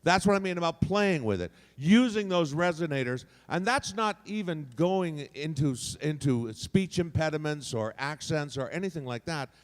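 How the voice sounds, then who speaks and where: A man on a convention panel explaining voice acting, animated and showing off different voices as he talks. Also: a little high, normal speed, hardly any pauses. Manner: animated, demonstrates voices by moving resonance around. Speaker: voice actor panelist. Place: convention hall. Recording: long hall reverb.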